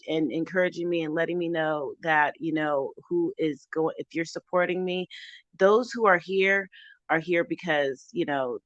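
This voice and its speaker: A woman with a fairly low voice talks earnestly and from the heart to her viewers, often stopping and restarting her sentences. The sound is dry and a little dull, as if from a phone or webcam close by. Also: fairly bright tone, no room sound. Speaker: recovery channel host. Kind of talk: casual livestream chat.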